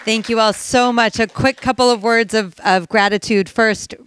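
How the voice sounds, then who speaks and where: A male event host with a high, smooth voice wraps up with thank-yous and announcements. His delivery is polite and tidy, close to the mic and dry. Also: steady tone, moderate pace, a bit bright, dry recording, some chatter behind. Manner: smooth, polite, scripted-sounding.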